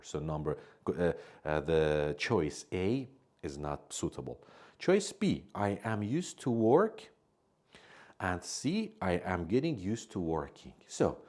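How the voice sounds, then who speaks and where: A man's voice: sits low, a little mellow. A man teaching an English lesson, patiently explaining each point by repeating and rephrasing it.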